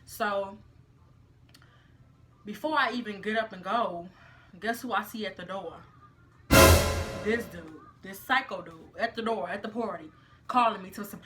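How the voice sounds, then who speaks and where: A young woman telling a story in a casual vlog, animated and full of slang. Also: medium pitch, a little slow, pauses often, over music. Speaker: vlogger.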